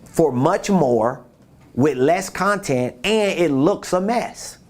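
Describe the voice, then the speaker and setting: A man's voice: on the high side, expressive, takes it slowly. A man giving a casual business coaching talk, repeating his points and asking rhetorical questions.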